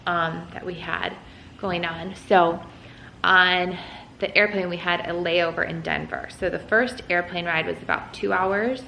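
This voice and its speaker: A woman's voice: lowish voice, fairly even intonation, measured pace, vocal fry, sharp tone, roomy sound, a little hiss or hum, poor audio. A young woman vlogger casually telling a story at home while folding laundry, full of "like" and "um". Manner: chatty, lots of "like" and "um". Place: room at home.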